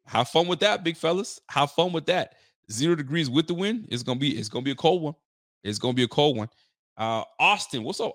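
A man's voice: medium pitch, a bit bright, dry recording, clean studio sound. A man hosting a casual live sports stream, talking loose, laughing, streetwise banter with lots of slang. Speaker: sports channel host. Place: room at home with a bar behind.

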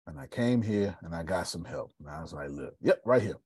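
Man, low voice, husky, very lively pitch, dry close sound, live-stream host. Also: brisk, no echo. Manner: animated and preachy, with Southern Black American slang. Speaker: host of a live video show. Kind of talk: casual live-stream talk.

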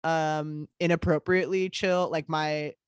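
Low-pitched woman, giggly casual co-host. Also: fairly even intonation, measured pace, smooth, no echo, clean studio sound. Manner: laughs often, rambling with restarts. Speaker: podcast co-host. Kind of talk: casual chat.

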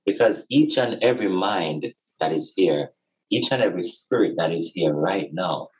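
Deep-voiced man reasoning with preacherly passion. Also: animated, normal speed, darkish tone, poor audio. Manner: impassioned, repetitive, preacherly emphasis. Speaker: podcast guest. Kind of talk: earnest conversational reasoning.

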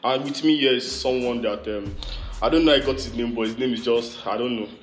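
A man's voice: medium pitch, steady tone, quick pace, echoey room, slight background noise. Nigerian man hosting a casual podcast. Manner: laid-back storytelling with fillers and laughs. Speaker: podcast host.

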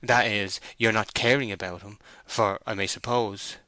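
A man voicing a plain-spoken, steady farm bailiff in an audiobook, speaking slowly and gravely in a homely way. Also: on the low side, dry recording. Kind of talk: audiobook character voice.

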